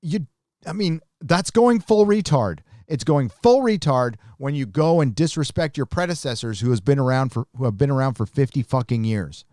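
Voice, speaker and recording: A man's voice: mid-range voice, expressive, normal speed, warm tone, no echo, clean studio sound. A man hosting a live stream, chatting casually and reading viewer comments in a blunt, profane, rambling way.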